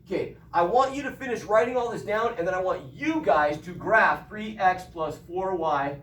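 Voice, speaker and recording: A man's voice: high voice, animated, moderate pace, a bit bright, roomy sound, a little hiss or hum. A middle-aged man teaching a math class, emphatic and joking, recorded from far off in a classroom. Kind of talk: classroom lecture.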